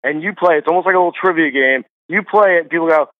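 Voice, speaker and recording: A man with a fairly high voice tells stories chattily, stumbling and restarting as he goes. He comes through a dry, tinny phone line. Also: no echo. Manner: chatty storyteller, quick restarts. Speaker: golf writer guest. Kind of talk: casual podcast interview chat.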